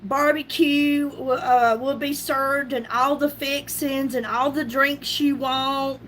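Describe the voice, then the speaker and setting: A middle-aged woman with a drawl talks through a casual makeup livestream in a high, bright voice. She is chatty and laughs easily, and she breaks off to greet viewers by name. A faint room hum sits behind her. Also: fairly even intonation, slow. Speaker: beauty livestream host. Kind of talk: casual makeup live chat.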